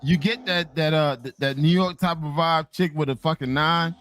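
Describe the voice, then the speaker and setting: A man hosting a casual group chat, loud and profane, laughing often. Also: fairly high pitch, steady tone, moderate pace, soft background music. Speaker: podcast host.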